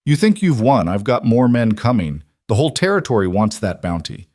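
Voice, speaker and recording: A man's voice: mid-range voice, very animated, fairly quick, a little mellow, no room sound, studio quality. A man voicing a snarling bounty hunter boss. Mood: threatening. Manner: threatening, snarling. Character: gruff greedy male bounty hunter boss.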